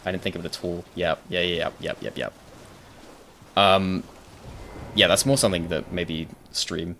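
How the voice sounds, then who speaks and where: A young man with a British accent and a low voice that drops into gravelly fry, rambling through a gaming stream. He thinks aloud, answers his chat and swears offhandedly. A faint hum of room noise sits behind him. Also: moderate pace, a bit bright. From Britain. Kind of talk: casual live-stream chat while gaming.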